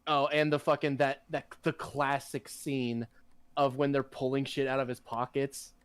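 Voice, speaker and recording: A man co-hosting a podcast in casual chat, profane and excitable, laughing often. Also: mid-range voice, moderate pace, clean tone. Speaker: podcast co-host.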